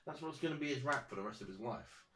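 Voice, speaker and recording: A young man hosting a relaxed sports podcast, building his argument point by point and leaning into provocative questions. His voice sits at a medium pitch, and it reaches the mic from a little way off. The room around him is bare and echoey. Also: fast, a little hiss or hum. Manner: lays out numbered points, provocative. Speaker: podcast host. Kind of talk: casual sports chat. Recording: roomy, mic at a distance.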